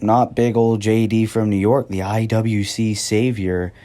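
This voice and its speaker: Young man, twenties, lower mellow voice, angry sarcastic vlog rant, swears a lot. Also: flat delivery, measured pace. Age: 20s. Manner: angry, profane, sarcastic, mocks others in a whiny voice. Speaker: wrestling commentator. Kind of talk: heated rant.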